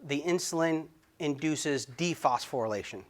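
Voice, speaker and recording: A middle-aged man giving a recorded biochemistry lecture, halting and filler-heavy, stretching out key words. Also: on the high side, animated.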